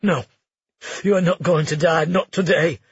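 A man voicing a grief-crazed young prince who shouts demands and pleas. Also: a little high, steady tone, moderate pace, slightly rough, dry recording, dull audio. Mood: desperate shouting.

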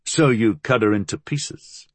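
A man's voice: on the low side, unhurried, husky, dry recording. Man doing a stern, blunt investigator.

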